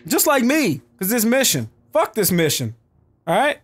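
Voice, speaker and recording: A young man doing let's play commentary, excitable and profane, trash-talking the enemies in his game. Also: extremely high pitch, moderate pace, faint music behind. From United States. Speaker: gaming YouTuber.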